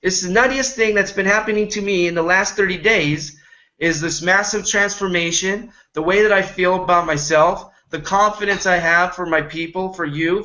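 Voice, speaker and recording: A man's voice: high voice, bright, forceful tone, muffled recording, a little hiss or hum. A man giving an earnest, rambling motivational talk about network marketing, often acting out the people he quotes.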